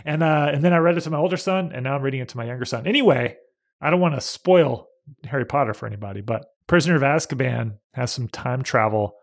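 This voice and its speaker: A middle-aged man co-hosts a casual podcast, joking, poking fun at himself and laughing often. His mid-range voice is creaky and his pace is quick.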